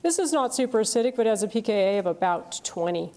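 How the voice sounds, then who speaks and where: A woman's voice: mid-range voice, expressive, quick pace, a little mellow. A woman giving a university chemistry lecture, explaining step by step and often checking in with "okay?" and "right?".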